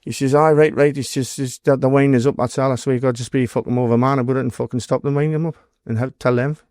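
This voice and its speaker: A man's voice: mid-range voice, fairly even intonation, very fast, a little mellow, no echo, clean studio sound. A man with a Geordie accent, a former doorman telling stories in an interview in a blunt, sweary way, acting out what people said. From North East England. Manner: blunt storytelling, heavy swearing, acts out quoted dialogue. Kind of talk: casual interview storytelling.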